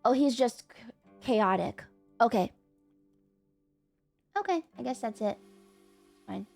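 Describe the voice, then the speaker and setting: A high-pitched woman streamer with a bouncy, swooping voice. She chats casually, swears freely and laughs a lot while teasing her viewers. Faint music plays behind her. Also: slow pace, creaky. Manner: excitable, swears, laughs often, yells at chat. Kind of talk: casual chat with chat.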